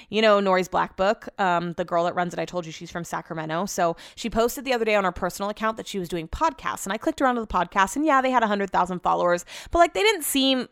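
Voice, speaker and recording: A woman's voice: medium pitch, a bit bright, no echo, clean studio sound. A young woman hosting her own podcast, rambling in casual chat with lots of fillers and restarts. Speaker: podcast host. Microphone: podcast mic.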